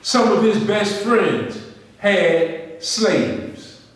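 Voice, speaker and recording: High-voiced man lecturing in echoey hall. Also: lively intonation, very slow. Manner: questioning, emphatic, repeats points. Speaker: history speaker. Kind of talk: lecture to a group. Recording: echoey room, distant mic.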